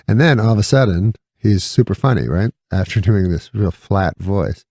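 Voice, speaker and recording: Deep-voiced, gravelly man telling stories. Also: moderate pace, few pauses, darkish tone, dry recording, studio quality. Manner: rambling anecdotes with many fillers and acted-out quotes. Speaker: comedian guest. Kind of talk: casual talk-show storytelling.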